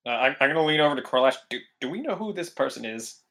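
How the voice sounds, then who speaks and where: A man playing in a tabletop game, talking quickly and animatedly. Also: mid-range voice, expressive, fairly bright tone. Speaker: player.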